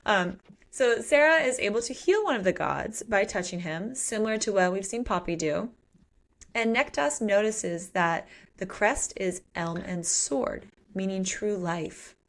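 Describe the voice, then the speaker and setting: A woman's voice: mid-range voice, a little slow. A woman co-hosting a book podcast, retelling the plot in casual chat and acting out the characters' lines. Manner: animated retelling with acted-out quotes and swearing. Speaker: podcast co-host.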